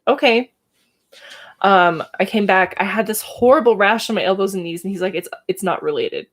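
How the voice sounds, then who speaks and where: A woman in her thirties talks openly and emotionally on a casual livestream, laughing now and then between thoughts. Her voice sits at an everyday middle pitch. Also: normal speed. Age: 30s. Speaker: livestream host. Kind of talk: casual personal storytelling.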